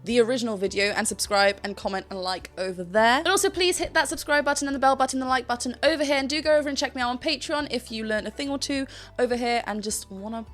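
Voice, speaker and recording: A British woman speaks as a vocal coach, breaking down a song with lively enthusiasm. Her voice sits fairly high, and she now and then sings a word to show a point. Faint music plays under her talk. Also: quick pace. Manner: enthusiastic and chatty, often sings short phrases to demonstrate. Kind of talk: reaction video with vocal analysis. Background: faint music from the video being reacted to.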